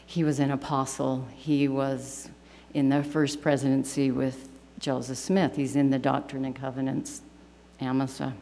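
A woman's voice: very deep voice, little pitch movement, measured pace, warm tone. A woman teaching a scripture lesson to a class, reading verses aloud in an earnest, reverent way. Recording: long hall reverb with faint hum.

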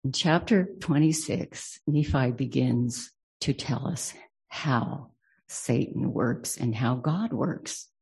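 A man leads an unhurried, reflective scripture lesson. His delivery is slow and measured, with a gravelly, husky edge. The tone is mellow and dark as he reads verses aloud and then considers them thoughtfully. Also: mid-range voice. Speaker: scripture teacher.

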